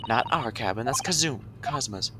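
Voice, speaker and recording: A man's voice: medium pitch, lively intonation, a little fast, noisy background. A male streamer reading game dialogue aloud in a chatty way, sometimes tripping over his words.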